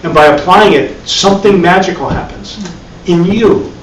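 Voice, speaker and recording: At normal speed and in a high-pitched voice, a man leads a live spiritual class as a meditation teacher. His dharma talk is conversational, marked by repeated words and wry asides, and the recording has an echoey room, a distant mic and faint hiss.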